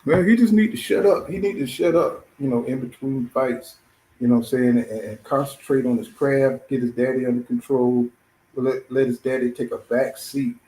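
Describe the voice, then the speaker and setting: A middle-aged man talks boxing in a loose, profane, rambling way, working filler phrases into nearly every sentence. His voice sits at an ordinary middle pitch. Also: steady tone, normal speed, warm tone, low-quality recording. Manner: profane, filler-heavy, says "you know what I'm saying" constantly. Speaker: boxing show host. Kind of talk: casual boxing talk.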